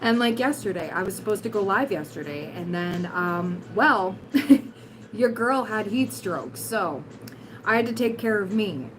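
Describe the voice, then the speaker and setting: A woman with a raspy, hoarse voice giving a casual livestream tarot reading, blunt and encouraging with giggly asides. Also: medium pitch, lively intonation, unhurried, over music, poor audio. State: hoarse, voice recovering. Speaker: tarot reader, livestream host.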